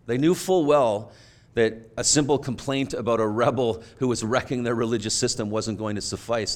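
A man preaching a sermon, retelling a story earnestly and moving between hushed, quiet passages and emphatic ones. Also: medium pitch. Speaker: pastor.

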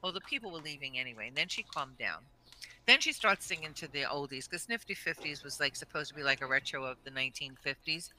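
A woman's voice: low voice, lively intonation, quick pace, sharp tone, slight background noise, poor audio. A woman telling blunt, swearing stories in casual chat, laughing along.

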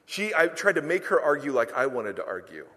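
Animated pastor preaching in a reverberant hall. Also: male voice, a little high, a little fast. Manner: animated, self-deprecating storytelling with acted quotes. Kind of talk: sermon.

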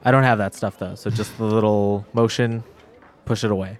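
A man casually playing a tabletop game, chatty and relaxed. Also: lowish voice, normal speed. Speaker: player.

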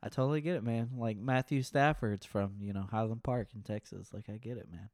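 A man's voice: fairly low pitch, fairly quick, a little mellow, no room sound, studio quality. A man co-hosting a casual podcast chat, joking around and acting out other people's lines in little quoted voices. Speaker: podcast co-host.

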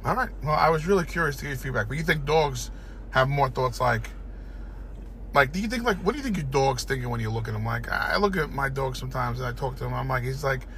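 A man's voice: medium pitch, animated, fast talker, fairly bright tone, slight background noise. A man in casual chat, telling a rambling story with lots of swearing, recorded in a car. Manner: storytelling with lots of swearing, acts out panicked ant voices. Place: inside a parked car.

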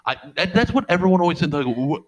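A man's voice: high voice, animated, racing, rough recording. Profane rambling middle-aged man. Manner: profane, rambling storyteller who acts out quotes. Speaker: podcast co-host and father. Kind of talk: casual chat.

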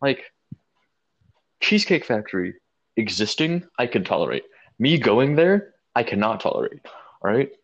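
A man co-hosting a podcast, telling a long story in a casual, animated and profane way. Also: mid-range voice, normal speed, pauses often, lo-fi sound. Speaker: podcast co-host.

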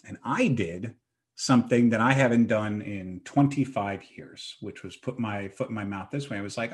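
A man's voice: lowish voice, moderate pace. A man in his thirties, a podcast host, telling self-mocking stories in a casual chat. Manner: animated, self-mocking storyteller.

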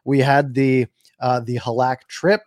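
A man's voice: mid-range voice, level tone, a little slow, darkish tone, dry recording. A man co-hosting a casual sports podcast, recapping games in a rambling way with dry sarcasm. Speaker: podcast co-host.

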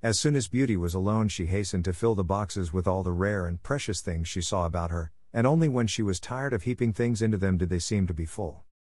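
A man's voice: deep voice, brisk, hardly any pauses, a little mellow, dry recording, clean studio sound. A man steadily reading a fairy tale aloud as narrator. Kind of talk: storybook read-aloud.

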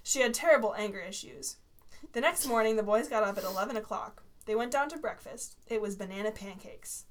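A woman's voice: medium pitch, fairly quick. A woman co-host reading a story aloud, breaking off with giggly asides and corrections.

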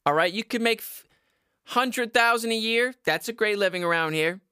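Young male podcast host, loud ranting delivery, bright forceful tone, close dry mic. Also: high voice, moderate pace, clean tone, no room sound. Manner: loud and yelling, rambling. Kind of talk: ranting comedy monologue. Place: home basement. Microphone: studio microphone.

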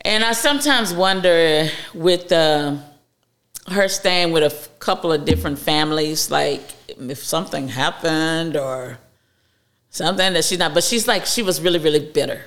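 A woman guest speaking candidly about her recovery, halting and heartfelt, with frequent restarts. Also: low voice, fairly bright tone.

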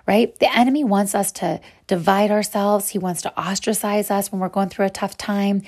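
A woman's voice: mid-range voice, steady tone, moderate pace, few pauses, a little mellow. A woman hosting a podcast and teaching a Bible devotional, speaking in an earnest, encouraging way to her listeners as sisters.

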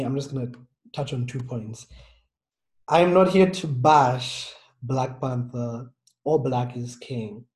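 A man's voice: mid-range voice, warm tone. A man from Africa speaking earnestly in a casual discussion, stressing his points and checking in with "right?". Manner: earnest and emphatic, peppered with "right?".

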